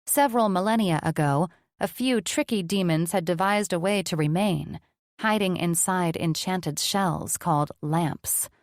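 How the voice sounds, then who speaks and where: Narrator: woman, somewhat low voice, dry close recording, measured read. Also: no echo. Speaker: audiobook narrator. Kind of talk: scripted narration.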